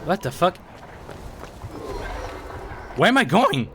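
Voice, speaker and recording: Hoarse, profane young game streamer. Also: male voice, high voice, takes it slowly. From Sweden. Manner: excitable, profane, rambling. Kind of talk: casual gameplay commentary. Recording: stream mic with game noise behind. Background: game sounds.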